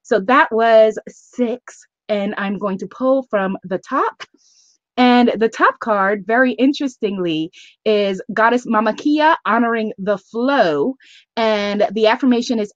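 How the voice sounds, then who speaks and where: Bubbly high-pitched lady hosting a live stream, hyped and laughing a lot, flat dull webcam sound. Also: measured pace, dry recording. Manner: effusive, cheerleading, laughs often. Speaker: host of a live planning call. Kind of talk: upbeat live-stream talk, greeting viewers by name.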